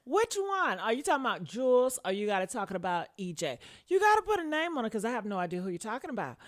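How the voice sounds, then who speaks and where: A sassy woman hosting a celebrity gossip vlog, her voice sitting a little high and swinging widely as she talks. She is blunt, swears freely and keeps calling her listeners honey while reading out comments. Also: big pitch swings, fast talker. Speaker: host of a gossip commentary show. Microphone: camera mic with headphones on.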